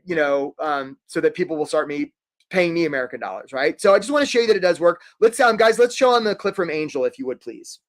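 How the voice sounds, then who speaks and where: A man coaching job seekers in a live online workshop, talking quickly and energetically and speaking straight to his attendees. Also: a little high. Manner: energetic, talks fast, addresses attendees directly. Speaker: career coach hosting a webinar.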